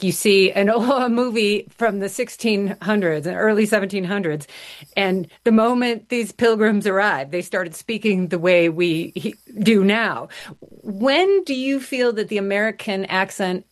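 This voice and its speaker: Woman co-host, casual amused questioner, mid pitch. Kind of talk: interview chat.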